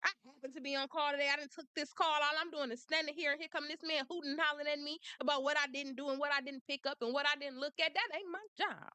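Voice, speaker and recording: A woman's voice: high voice, steady tone, fast, hardly any pauses, bright, forceful tone, dry recording. A woman playing a weary, irritated on-call officer who wants to go home. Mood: fed up. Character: fed-up on-call officer, a grown man.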